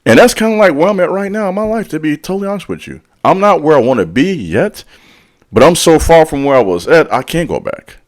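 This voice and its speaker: A man's voice: a little high, expressive, fairly quick. A man giving a blunt motivational talk as a spiritual leader, using casual slang, calling out the listener directly and repeating lines for emphasis. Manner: preachy, direct, calls out the listener. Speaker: channel host and spiritual speaker. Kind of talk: motivational monologue.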